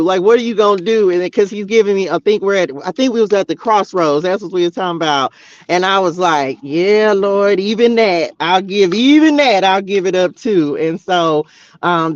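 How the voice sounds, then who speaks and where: A man's voice: high-pitched, no echo. A man giving a casual, exclamatory spiritual tarot message, talking straight to his viewers. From Texas, US. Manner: exclamatory, chatty, talks straight to viewers as "y'all" and "child". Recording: dull, slightly lo-fi audio.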